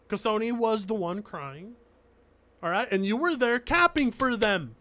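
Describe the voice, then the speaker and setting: Man, high voice, bright tone, streamer commentary, emphatic and repetitive, casual swearing. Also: expressive, a little slow, pauses often. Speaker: streamer reacting to a video.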